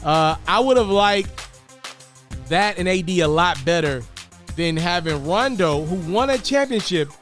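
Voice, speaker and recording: A man giving casual, animated basketball commentary, often repeating words and jumping up in pitch for emphasis. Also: a little slow, faint music behind.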